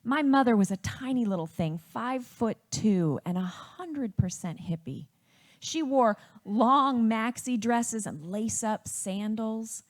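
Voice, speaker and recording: A woman from Wisconsin telling a personal family story in a reflective, unhurried way. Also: a little high.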